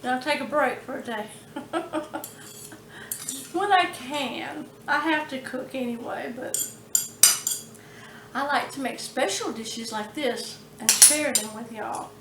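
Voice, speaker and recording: A woman's voice: high-pitched, roomy sound, very noisy. A woman hosting a home cooking vlog, chatting in a homey, chatty way with frequent laughs. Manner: warm, chatty, slow and homey, laughs often. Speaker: cooking channel host. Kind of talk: casual cooking vlog chat. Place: home kitchen.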